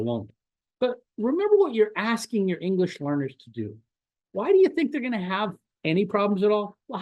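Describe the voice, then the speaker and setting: A man giving a lecture to teachers as a professor, animated and full of rhetorical questions. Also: on the high side, dry recording.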